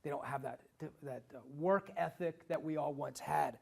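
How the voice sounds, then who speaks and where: Fired-up midwest guy at a town hall, kinda high raspy voice, keeps repeating himself. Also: normal speed. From Illinois, USA. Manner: emphatic, repeating phrases, frequent restarts. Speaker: political speaker at a town hall. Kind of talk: impassioned town hall speech.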